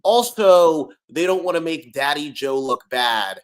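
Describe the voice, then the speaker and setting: A man co-hosting a casual podcast chat, animated and quick to restart his sentences. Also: on the high side. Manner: animated, repeats words and restarts often. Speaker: podcast co-host.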